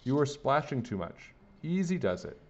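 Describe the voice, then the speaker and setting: A man voicing a calm, patient adult swim teacher in a storybook. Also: mid-range voice, normal speed, lo-fi sound, voice pushed up. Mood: encouraging.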